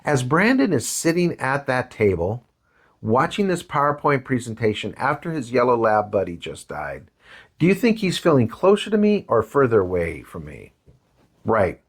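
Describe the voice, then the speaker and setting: A man's voice: mid-range voice, normal speed. A man teaching a parenting course, talking conversationally and acting out a story with quoted voices. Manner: conversational, tags lines with "right?" and "man"; animated, acts out voices in anecdotes. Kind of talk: lecture with storytelling.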